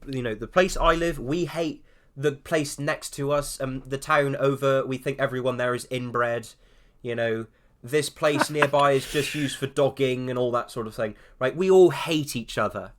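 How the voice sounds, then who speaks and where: A man's voice: mid-range voice, normal speed. A man from England with a standard southern English accent, judging an art contest and chatting in a teasing, sarcastic way. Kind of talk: casual chat.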